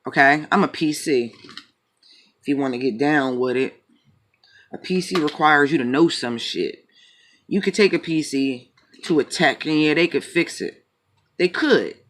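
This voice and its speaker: A man's voice: fairly high pitch, measured pace, long pauses, fairly bright tone, a little hiss or hum. Joking, foul-mouthed tarot-reading man. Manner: joking, profane, rambling. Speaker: tarot reader. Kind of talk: casual chat and tarot reading.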